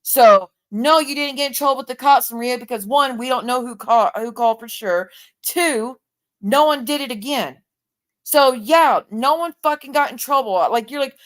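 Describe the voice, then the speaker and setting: A woman's voice: sits high, moderate pace, fairly bright tone. A woman hosting a livestream, delivering a heated, profane rant and sounding tired. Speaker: livestream host.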